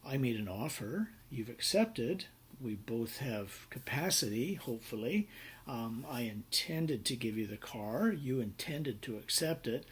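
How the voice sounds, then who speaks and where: A male lecturer speaks in a husky voice during a casual university class. He is conversational and uses many ums and uhs. He acts out short everyday examples for his students. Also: medium pitch, expressive, a little slow. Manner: conversational with frequent fillers and role-played examples.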